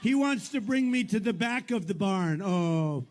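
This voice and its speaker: Older male politician, digressive mocking delivery, high-pitched, long reverb. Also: animated, measured pace. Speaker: politician speaking at rallies and on a podcast. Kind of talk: rambling rally speech and podcast chat. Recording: roomy reverb with faint background noise.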